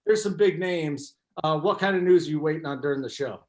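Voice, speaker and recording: A man's voice: on the high side, a little fast. A man hosting a casual sports betting show, teasing his co-hosts and steering the talk. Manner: teasing, lively. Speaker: podcast host. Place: lives in the Denver area.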